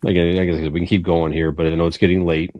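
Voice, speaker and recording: A man's voice: low voice, level tone, fast talker, no room sound, lo-fi sound. A man co-hosting a podcast in casual chat, enthusiastic and rambling with restarts. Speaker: podcast co-host.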